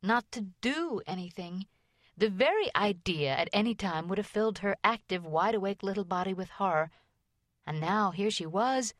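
A woman reading a children's storybook aloud in even, gentle scripted narration. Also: mid-range voice, normal speed, no echo, clean studio sound. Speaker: audiobook narrator.

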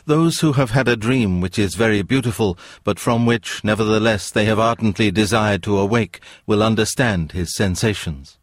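Low-voiced man reading a novel. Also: normal speed, few pauses, no room sound, studio quality. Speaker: audiobook narrator. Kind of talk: scripted narration.

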